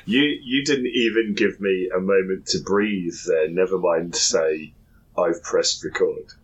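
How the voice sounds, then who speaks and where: A man's voice: deep voice, a little slow, slightly rough, muffled recording. A man co-hosting a casual podcast from home, swearing, laughing and joking dryly. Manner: laughing, sweary, dry jokes. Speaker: podcast co-host. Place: home room in Japan.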